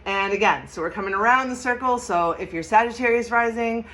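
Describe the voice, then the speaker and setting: Excited woman reading tarot, swearing freely. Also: on the high side, a little fast. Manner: enthusiastic, emphatic, swears freely, laughs often. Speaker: tarot reader. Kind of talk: casual astrology tarot reading.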